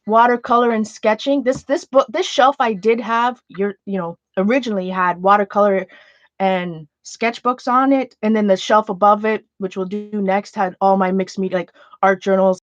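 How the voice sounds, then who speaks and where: A woman talks casually while sorting art supplies. She rambles, trails off and restarts her sentences. Her pitch sits in the middle, and the lo-fi home recording sounds dull, with her voice moving closer to the mic and then away. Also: no echo. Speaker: art journaling vlogger.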